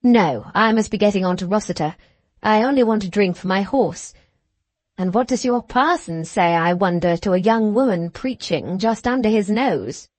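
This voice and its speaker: A woman voicing an inquisitive gentleman traveller on horseback, speaking briskly and politely in an audiobook reading. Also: mid-range voice, expressive, no echo, lightly acted.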